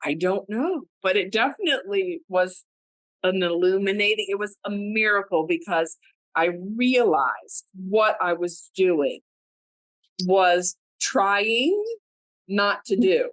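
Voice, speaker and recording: A woman's voice: mid-range voice, slow, no room sound, rough recording. Chatty woman telling a funny story on a podcast, lots of likes, dry close sound. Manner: animated, laughing, many "like" fillers. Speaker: podcast co-host. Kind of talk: casual chat, personal storytelling.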